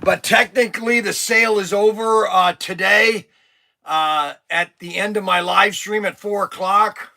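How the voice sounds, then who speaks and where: A man hosting a toy shop live stream, an excitable pitchman who rambles and breaks into shouts, his voice strained from days of nonstop talking. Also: measured pace, vocal fry. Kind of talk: casual live-stream sales talk. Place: inside a toy shop among shelves.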